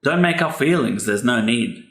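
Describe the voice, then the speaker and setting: A man's voice: medium pitch, animated, normal speed, a bit bright. A man, a pastor's son hosting a podcast, giving earnest, heartfelt advice about grief. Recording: echoey room.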